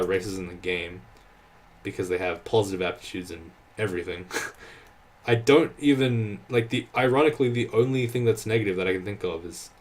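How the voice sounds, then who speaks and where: A man giving casual, exasperated gameplay commentary, swearing often and restarting his sentences. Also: lowish voice. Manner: exasperated, sweary ranting with frequent laughs and restarts. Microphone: desk microphone.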